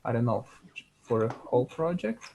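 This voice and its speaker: A man with a Slavic accent on a video call, speaking in a hesitant, halting, apologetic way. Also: mid-range voice, big pitch swings, gravelly, muffled recording, noisy background. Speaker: working group organizer. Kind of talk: casual video call chat.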